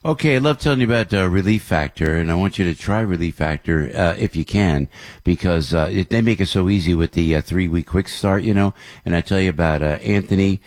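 A man's voice: deep voice, fairly quick, darkish tone, no echo. A talk radio host, an older man, chatting in a rambling, upbeat way full of fillers and restarts. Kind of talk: casual radio talk and live ad read.

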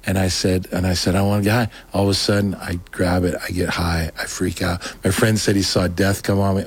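A man telling a personal testimony as a talk show guest, rambling and excitable, acting out what others said. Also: a little fast, few pauses, breathy edge. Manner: rambling, excitable, acts out quotes in a higher voice. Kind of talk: casual storytelling.

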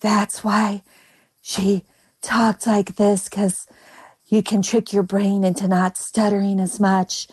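A woman putting on a slow, breathy screen-star voice as an impression. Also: mid-range voice, flat delivery, a little mellow. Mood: sultry.

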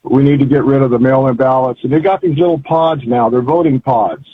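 A man's voice: mid-range voice, fairly quick, husky. An older man calling in to a radio show, talking in a rambling, folksy and fervent way. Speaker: caller. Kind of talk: phone-in chat. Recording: tinny phone line.

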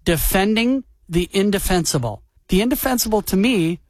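A man's voice: high-pitched, lively intonation, moderate pace, no echo. A man hosting a retro music show in casual chat, enthusiastic and playfully teasing. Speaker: radio show host.

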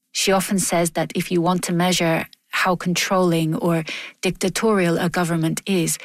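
A woman reads a first-person account in a low, earnest voice. She sounds weary and restrained. The recording is close and dry. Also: no echo. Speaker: voice-over reading a diary. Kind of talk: measured first-person voice-over.

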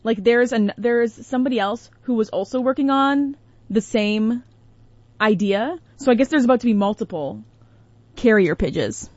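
A woman's voice: fairly high pitch, moderate pace, no room sound, lo-fi sound. Playful woman co-hosting morning radio. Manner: playful, laughs while talking. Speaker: radio co-host. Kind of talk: casual morning radio banter.

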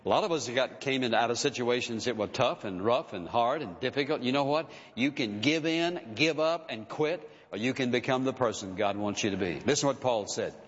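A male pastor preaching with earnest emphasis, firing rhetorical questions at his listeners. His voice sits at an ordinary middle pitch. The sound is slightly dull, with a long reverb from a large hall. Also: expressive, fairly quick, few pauses. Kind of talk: sermon.

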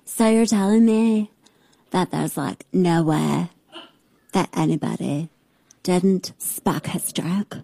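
A mock-incredulous woman who drags her words out slow and low in a creaky vocal fry, as a talk host puts her on. She sounds dry and close, with nothing around her. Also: dark tone, no echo, exaggerated voice. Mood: mock disbelief.

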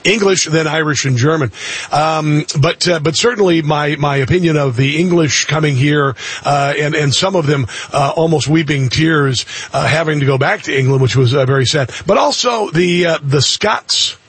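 A chatty radio talk show host from the United States who gets excited and laughs often while talking with his guest. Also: a little high, normal speed, slightly rough, no room sound. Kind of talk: casual radio chat. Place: radio studio. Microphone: studio microphone.

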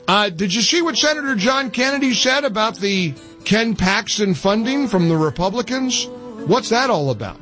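A man hosting a talk radio show, commenting forcefully and repeating phrases for emphasis. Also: high voice. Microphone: studio microphone.

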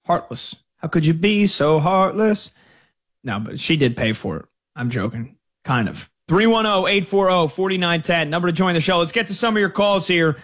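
A man's voice: fairly high pitch, animated, fairly quick, a bit bright. A man hosting a sports talk radio show, telling stories with jokey mock outrage.

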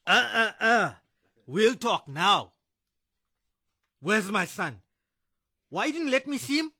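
An actor playing a drunk, abusive ex-husband who is a bullying cop, slurring and taunting. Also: male voice, high voice, very animated, takes it slowly, pushed and bright, full character voice.

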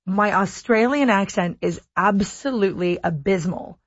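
A woman's voice: medium pitch, unhurried, husky, dry recording, dull audio. Woman radio co-host, chatty and playful, dry close studio mic. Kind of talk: casual radio chat. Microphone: studio microphone.

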